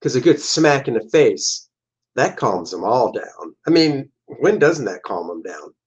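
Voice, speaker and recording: A man in a middle pitch talks casually through his old comic art on a livestream, joking and acting out his characters' lines in quick bits. The audio sounds a little dull and lo-fi. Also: big pitch swings, husky. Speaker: comic book artist.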